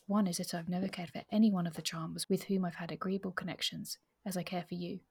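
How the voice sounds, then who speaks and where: Woman reading a male suitor, blunt, ardent, hushed, gravelly, husky. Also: little pitch movement, quick pace. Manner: hushed, low-key reading.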